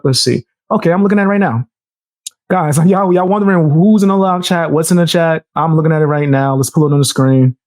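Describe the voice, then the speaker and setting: A man's voice: a little high, darkish tone, dry recording, studio quality. A young man streaming live, talking through clips in a blunt, heated way, laughing and swearing. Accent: New York. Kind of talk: casual live-stream commentary.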